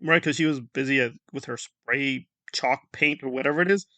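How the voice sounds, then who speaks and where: A man's voice: mid-range voice, normal speed, pushed and bright, no echo. A man hosting a sarcastic online commentary, scoffing and rambling through asides. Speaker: commentary channel host.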